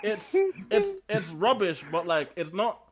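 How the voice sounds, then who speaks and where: Young man, casual friend chat, high lively voice, other people talking behind him. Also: measured pace, a crowd in the background. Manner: animated, restarts and repeats himself.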